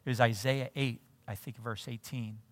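A middle-aged man giving a sermon in a church, telling a personal story in an animated way and acting out the dialogue. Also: mid-range voice, normal speed. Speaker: pastor. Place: church sanctuary.

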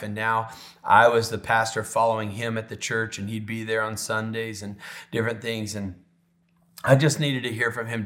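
A middle-aged man, a pastor, telling a personal story in a sermon, emotional and often dropping to a soft, hushed voice. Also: fairly low pitch.

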